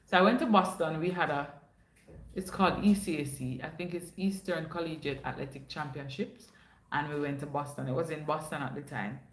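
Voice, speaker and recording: Her voice is low-pitched and steady, a little fast: a young woman with a Jamaican accent hosting a relaxed livestream chat, telling stories and occasionally dropping into patois. The room sounds echoey.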